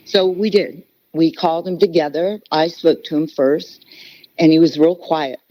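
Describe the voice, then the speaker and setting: A middle-aged woman appearing as a podcast guest tells a personal story with earnest feeling. Her voice is low-pitched, steady, and unhurried, and the podcast audio sounds dull and lo-fi.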